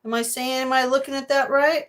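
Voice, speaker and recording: A woman's voice: sits high, steady tone, a little fast. Chatty woman cooking on a livestream. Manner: chatty, greets chat viewers by name, rambling asides. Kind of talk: casual livestream chat while cooking. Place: home kitchen.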